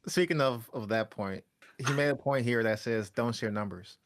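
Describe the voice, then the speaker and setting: A man co-hosting a gaming podcast in casual chat, chiming in with quick, exasperated reactions. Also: mid-range voice, clean tone. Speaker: podcast co-host.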